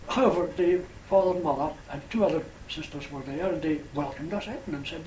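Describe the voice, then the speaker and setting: A man's voice: a little high, mellow. Older Scottish man reminiscing, roomy lo-fi tape. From Scotland. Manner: rambling, unhurried, with hesitations and self-corrections. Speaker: storyteller. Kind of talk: oral history reminiscence. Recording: roomy, dull lo-fi recording with faint hiss.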